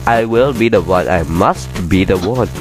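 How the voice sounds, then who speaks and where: A man voicing a loud, boastful male skeleton who declares his lines theatrically. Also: low-pitched, expressive, normal speed. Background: game music.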